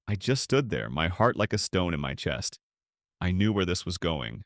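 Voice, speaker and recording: A man's voice: low voice, very animated, moderate pace, a bit bright, dry recording, clean studio sound. An older man narrating a tense first-person drama in a clipped storytelling voice.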